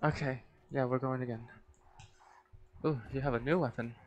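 A man's voice: mid-range voice, fairly even intonation, normal speed, lo-fi sound, very noisy. A young man giving casual, reactive gameplay commentary, often exclaiming and laughing. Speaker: gameplay streamer.

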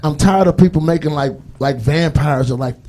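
A man's voice: fairly high pitch, moderate pace, warm tone, a little hiss or hum. A man doing a loose, rambling stand-up comedy set on stage, acting out voices as he goes. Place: comedy stage before a live audience.

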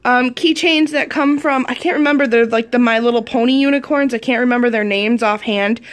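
A woman's voice: a little high, fairly quick. A woman from Wisconsin in her thirties, chatting in a giggly, gushing way as she shows off mail in a vlog. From Wisconsin, United States. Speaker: vlogger showing mail. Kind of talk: casual show-and-tell vlog.

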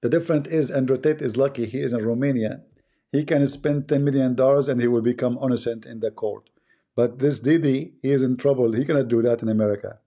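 A man with a foreign accent hosts a live stream, reading viewer comments and teasing his audience. His voice is medium-pitched, warm, and fast, and he jokes around and laughs often.

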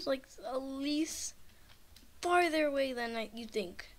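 A woman's voice: high-pitched, slow pace. A shaken, nervous woman gives rambling, frightened commentary on her own gameplay and keeps repeating herself. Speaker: gamer, channel host.

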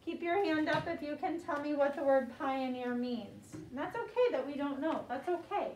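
A woman teaching second graders, saying words slowly and clearly for the class to repeat. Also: high voice, darkish tone, slight background noise. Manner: slow, clear call-and-response teaching. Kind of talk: classroom vocabulary lesson. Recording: echoey classroom mic from far off.

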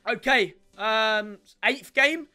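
A man giving excitable live commentary on his own gameplay, shouting and groaning at each play and talking to his viewers. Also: high-pitched, slow pace, clean tone, faint music behind. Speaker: gaming YouTuber.

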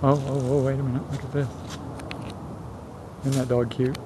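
A man's voice: mid-range voice, flat delivery, normal speed, background noise. A man from Virginia filming dogs in a yard with a handheld camera, giving a folksy, joking play-by-play full of exclamations. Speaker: vlogger filming his dog. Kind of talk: casual handheld commentary. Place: outdoors in a yard. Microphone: handheld consumer camera. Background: dogs playing.

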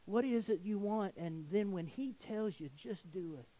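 A man's voice: sits high, measured pace, warm tone, poor audio. Earnest man preaching a sermon. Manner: earnest, rising to emphatic exhortation. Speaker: pastor.

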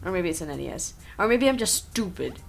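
A woman's voice: lowish voice, very animated, fast, creaky, faint music behind. A woman giving rambling, jokey commentary on a game as she plays, with sarcastic asides, over a desk microphone. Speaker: gameplay commentator. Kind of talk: playthrough commentary. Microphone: own desk microphone.

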